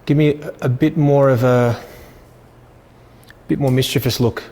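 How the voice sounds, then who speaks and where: A man, a portrait photographer, calmly giving step-by-step posing directions during a photo shoot. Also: medium pitch, measured pace, long reverb tail.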